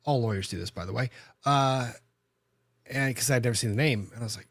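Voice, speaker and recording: A man talks through a courtroom story in relaxed podcast chat, stopping and restarting his sentences as he goes. His voice sits at a middle pitch. The recording is dry and close, with no room sound. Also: brisk, no room sound. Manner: conversational, frequent restarts and self-corrections. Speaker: lawyer and podcast host.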